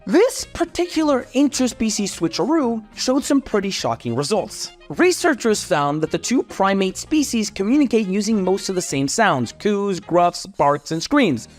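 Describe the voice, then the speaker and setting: A man's voice: sits high, very animated, normal speed, few pauses, soft background music. A young French man with a French accent, narrating a playful comedic explainer in a chatty, self-interrupting way. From France. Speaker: comedy creator. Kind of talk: comedic educational sketch narration.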